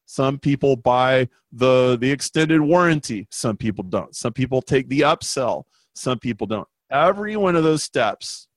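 A man, a business consultant guest, telling a story in an interview with emphatic, animated delivery. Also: medium pitch, dry recording. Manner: animated, emphatic, acts out quoted voices.

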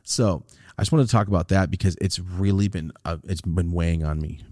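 A man's voice: sits low, brisk, no echo, clean studio sound. A young man co-hosting a podcast in casual chat, telling stories about getting over a sinus infection, swearing and acting out what others said. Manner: animated storytelling, swears a lot, acts out quotes. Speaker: podcast co-host.

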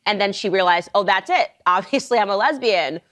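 A woman's voice: medium pitch, lively intonation, brisk, fairly bright tone. Mocking woman commentator in a played clip. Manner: mocking, dismissive. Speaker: political commentator.

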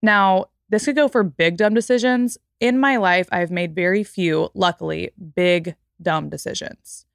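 A woman's voice: fairly low pitch, unhurried, gravelly, few pauses, dry recording, clean studio sound. A woman of thirty hosting her own podcast, talking candidly and reflectively in a casual way with lots of fillers. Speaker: podcast host. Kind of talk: casual solo podcast talk.

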